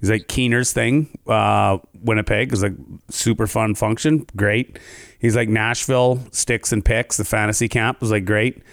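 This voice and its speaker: A comedian from Canada telling a story in casual chat, jumping into high voices to act out other people. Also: male voice, steady tone, moderate pace, gravelly, dry recording, clean studio sound.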